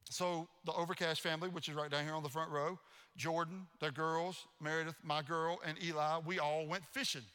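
Bright-voiced pastor preaching in an echoey hall. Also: male voice, a little high, a little fast, clean tone. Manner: animated storytelling, playfully mocking. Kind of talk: sermon. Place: church sanctuary.

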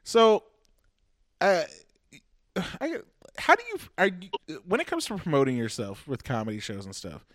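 A man's voice: a little high, huge pitch swings, normal speed, pauses often, fairly bright tone, dry recording, clean studio sound. A man from Halifax, a comedian and podcast host rambling in casual chat, swearing freely and mocking himself. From Halifax, Canada. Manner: rambling, profane, self-mocking.

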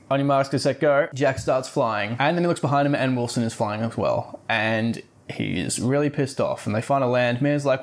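A man's voice: medium pitch, brisk, few pauses. A man hosting a podcast, casually retelling a book's plot with wry asides. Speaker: podcast host. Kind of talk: casual book review podcast.

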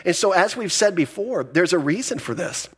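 A man's voice: high voice, lively intonation, moderate pace, slightly rough. Man preaching in a conversational way. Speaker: pastor. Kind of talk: sermon.

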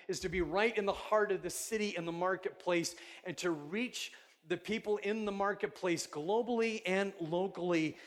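A man's voice: high-pitched, a bit bright. A middle-aged male pastor preaching a sermon in an earnest, emphatic way, often restarting his phrases.

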